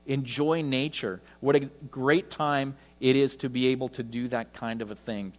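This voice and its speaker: A man preaching a conversational sermon in church, with frequent pauses. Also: mid-range voice. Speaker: pastor.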